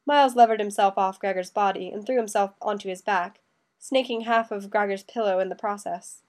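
A woman narrating a story in a steady, even storytelling manner. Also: medium pitch, a little fast. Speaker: audiobook narrator. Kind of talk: scripted narration.

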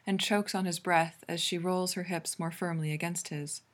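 Woman narrating a story, low-pitched. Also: fairly even intonation, normal speed. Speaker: reader. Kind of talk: reading fan fiction aloud.

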